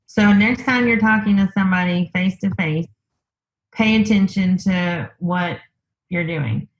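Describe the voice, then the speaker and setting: A woman guest in a conversational interview, telling a personal story in an unhurried way, thinking aloud with lots of fillers. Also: mid-range voice, muffled recording.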